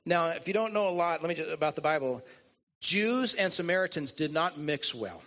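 A man's voice: a little high, animated, fairly quick, a bit bright. A man preaching a sermon as a pastor, retelling stories in an earnest way and leaning on repetition. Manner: earnest storytelling, leans on repetition.

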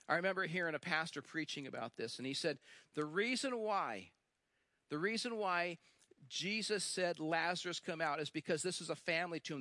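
Male preacher, high bright voice, dry close sound, animated storytelling, emphatic repeats. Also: no echo. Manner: animated storytelling, acts out quoted lines; emphatic, repeats phrases, slows for stress. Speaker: pastor. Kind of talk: sermon.

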